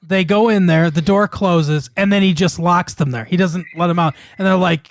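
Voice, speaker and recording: A man with a fairly high voice tells a film's plot in loose, rambling chat, stumbling through fillers and restarts and laughing often. He swears casually as he goes. The sound is dry and close, with no room echo. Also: steady tone, a little fast, hardly any pauses. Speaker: podcast co-host.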